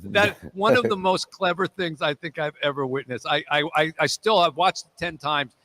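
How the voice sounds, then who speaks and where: A male radio host with a somewhat high, bright, forward voice speaks into a studio mic. He asks his questions in a rambling way, stopping and restarting with many "uh"s and "you know"s. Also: moderate pace. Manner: warm, rambling questions with fillers. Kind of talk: radio interview.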